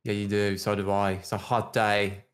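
A man's voice: fairly low pitch, flat delivery, moderate pace, clean tone. A man joining a casual gameplay video, bantering with the host in a teasing, playful way. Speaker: co-player and guest.

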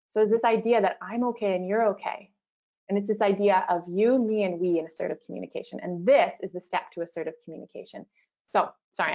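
A woman's voice: mid-range voice, a little mellow, muffled recording. A woman leading an online workshop on communication, chatty and conversational, acting out sample replies as she teaches. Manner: conversational, acts out example replies. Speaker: workshop facilitator.

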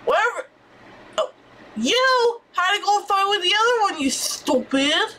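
A woman streamer giving excitable let's-play commentary, squealing and swearing as she reacts. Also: very high voice, measured pace, slight background noise.

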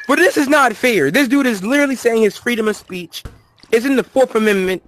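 A man's voice: extremely high pitch, fairly quick, fairly bright tone. A man hosting a joking mock interview with players in a game, crude and hammy, stumbling over his words, recorded on a headset mic.

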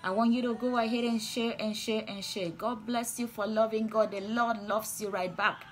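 Fervent, repeated declarations fill this livestream of preaching and prayer, delivered by a woman with a fairly high voice. She keeps an even intonation and a moderate pace with few pauses, while soft music plays underneath.

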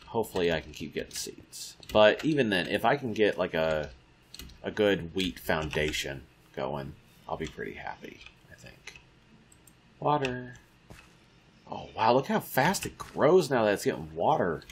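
A man with a low, gravelly voice gives casual let's-play commentary, muttering to himself and taunting the game's creatures. There's slight noise in the background.

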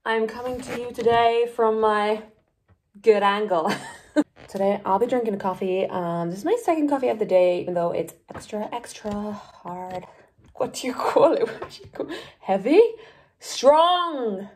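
A woman's voice: mid-range voice, normal speed, darkish tone, distant mic. A young woman chatting casually as she reacts to a video at home, joking and swearing freely. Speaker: YouTube reactor. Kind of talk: casual reaction vlog chat. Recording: roomy recording with faint music behind.

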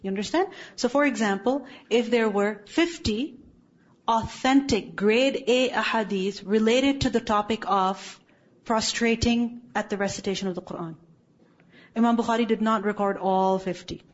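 A woman's voice: on the high side, moderate pace, muffled recording. A woman teaching an Islamic studies class, firm and corrective, often checking that students follow, recorded in a classroom. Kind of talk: classroom lecture with questions.

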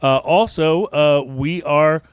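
A man's voice: a little high, slow, clear, resonant tone. Man, co-host, easygoing, casual chat, taproom show. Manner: easygoing, wraps up with thanks and plans. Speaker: podcast co-host. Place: bar or taproom.

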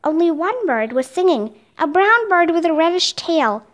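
A woman reads a children's chapter book aloud in clear, expressive narration. Her voice is very high. It moves a lot as she tells the story. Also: normal speed. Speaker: storybook reader.

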